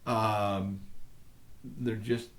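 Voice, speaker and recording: A middle-aged man, a pastor, talking on a live ministry program in a thoughtful, halting way with many restarts. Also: fairly low pitch, level tone. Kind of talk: live radio ministry talk.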